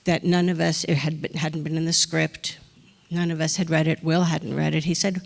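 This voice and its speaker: Woman, gravelly voice, lively storyteller who acts out quotes, long hall reverb; good for panel talk. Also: deep voice, brisk. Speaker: actor on a film panel. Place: large hall on stage.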